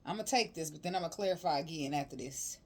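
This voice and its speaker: A woman's voice: sits low, quick pace. A woman reading tarot cards in a chatty, emotional, colloquial way. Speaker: tarot reader.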